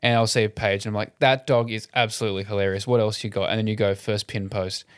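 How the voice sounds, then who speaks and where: A young man co-hosting a podcast, chatting casually and telling animated, sweary stories. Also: on the low side, quick pace, smooth, dry recording, studio quality. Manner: storytelling, swearing, animated quoted voices. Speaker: podcast co-host. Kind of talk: casual chat.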